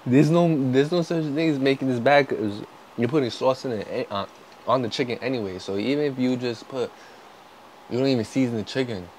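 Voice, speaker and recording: A young man, a vlogger, in casual food-tasting chat, swearing constantly, joking and breaking into loud outbursts. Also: medium pitch, a little hiss or hum, rough recording.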